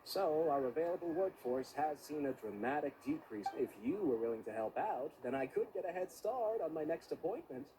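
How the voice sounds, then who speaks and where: A man's voice: on the high side, lively intonation, brisk, few pauses, noisy background, close to an everyday voice. A man voicing a polite, busy official who speaks courteously with hesitant fillers, in game dialogue.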